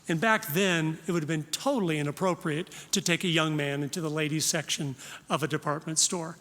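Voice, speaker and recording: A man's voice: a little high, a bit bright, in a large hall. A man in his fifties, from Florida, giving an earnest, direct talk at a Christian conference. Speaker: conference speaker.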